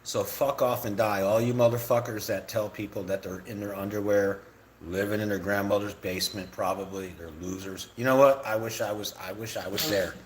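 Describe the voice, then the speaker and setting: A man's voice: on the low side, fairly even intonation, a little fast, slight background noise. A middle-aged man on a live stream, ranting with lots of repetition and swearing. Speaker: livestreamer ranting about realtors.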